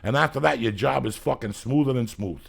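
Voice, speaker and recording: A man's voice: mid-range voice, fairly quick, creaky, husky. A middle-aged man hosting a podcast, telling profane stories in casual chat. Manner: profane, animated storyteller. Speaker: podcast host.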